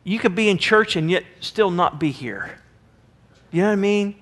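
A man preaching a sermon as pastor, passionate and animated, acting out the people in his story. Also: high-pitched, normal speed. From United States. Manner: impassioned preaching, acting out quoted voices.

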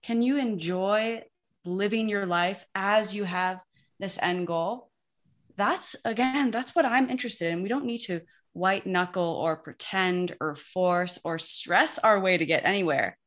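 A woman guest coach talking encouragingly and asking gentle probing questions. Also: medium pitch, measured pace. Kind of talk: coaching conversation.

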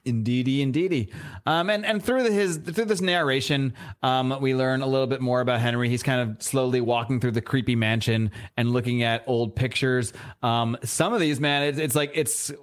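Male podcast co-host, casual and rambling, middle-pitched, reads comic dialogue aloud while recapping. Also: normal speed, few pauses, smooth. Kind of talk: casual comic book discussion. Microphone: podcast mic, live show.

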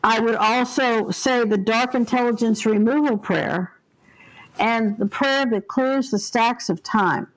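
A woman's voice: fairly high pitch, a little slow, low-quality recording. Earnest older woman telling stories. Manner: earnest, vivid storyteller who acts out the voices in her stories. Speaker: interview guest, ghost helper. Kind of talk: storytelling in a podcast interview.

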